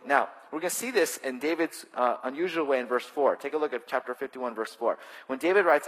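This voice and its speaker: A male pastor preaching a sermon in a conversational, animated way with touches of self-deprecating humor, speaking into a stage microphone in a church. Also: mid-range voice, a little fast, few pauses. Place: church sanctuary. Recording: long hall reverb.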